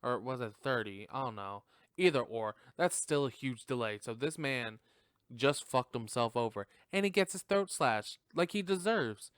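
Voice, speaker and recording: A man's voice: medium pitch, expressive, normal speed, fairly bright tone, smooth, no room sound, studio quality. A man hosting a podcast, recapping a film in a rambling, casual way, laughing often and swearing freely. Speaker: podcast host reviewing a film.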